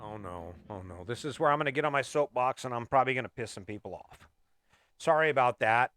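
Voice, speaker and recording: A man's voice: medium pitch, fast, a bit bright, faint music behind. A middle-aged man hosting a motivational podcast, talking emphatically and firing off repeated rhetorical questions. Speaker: podcast host.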